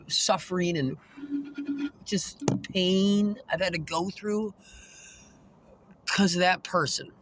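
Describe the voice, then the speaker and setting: A man's voice: fairly high pitch, background noise. A man ranting in a rambling monologue, swearing constantly and laughing often. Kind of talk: rambling profane rant.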